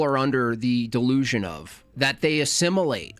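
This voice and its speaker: A man's voice: mid-range voice, lively intonation, normal speed, hardly any pauses, a bit bright, no room sound, soft background music. A man reacting to a clip, ranting with sarcastic questions. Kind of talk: casual reaction commentary.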